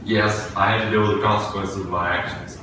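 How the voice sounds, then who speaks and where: A man's voice: fairly low pitch, flat delivery, fairly quick, bright, forceful tone, a little hiss or hum. A man preaching a sermon in a church, telling a personal story earnestly and restarting phrases as he goes. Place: church sanctuary. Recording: echoey room, distant from the mic.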